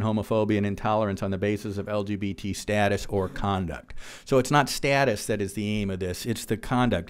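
A man speaks earnestly to a room full of listeners. His voice is smooth and resonant at an ordinary middle pitch. He reads quotes off his slides and often pauses on "uh" and "um" between points. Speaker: policy speaker. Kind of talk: presentation to a live audience. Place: room with an audience.

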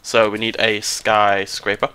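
A British man hosting a casual gameplay commentary, excitable and prone to jumping into high squeals. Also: measured pace, smooth. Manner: excitable, jumps into high squeals when surprised or delighted. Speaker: let's play host.

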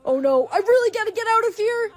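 A woman voicing an awkward teenage schoolboy with blunt, quick comebacks in a comedy skit. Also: extremely high pitch, animated, faint music behind. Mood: smitten.

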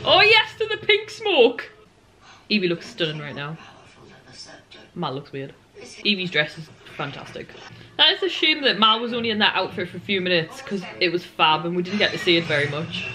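A young woman vlogging at home in a rushed, gushing and excitable way. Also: lowish voice. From United Kingdom. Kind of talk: casual vlog chat. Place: at home in a living room. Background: television audio.

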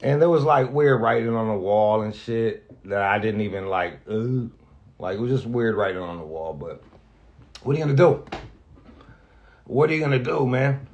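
A man who hosts radio speaks a casual farewell message in a medium-pitched, darkish voice at a moderate pace, captured in dull audio. He rambles with plenty of profanity, frequently restarts sentences, and gets emotional, near tears at times.

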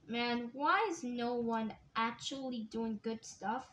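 A woman's voice: a little high, slow, hardly any pauses, a bit bright, a little hiss or hum. A woman narrating an improvised toy battle, playful and switching into silly voices for the toys. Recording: roomy echo.

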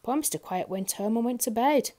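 A woman reading a children's picture book aloud, expressive and talking directly to young listeners. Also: on the high side, brisk. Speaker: storyteller. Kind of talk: children's story read-aloud.

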